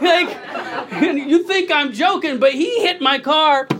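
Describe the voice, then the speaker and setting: A slightly bright-voiced man in his thirties takes it slowly during a stand-up set at a comedy club, using a handheld microphone, with slight background noise. He laughs as he tells his stories and acts out quotes with sudden high squeals, drawing laughter from the live crowd.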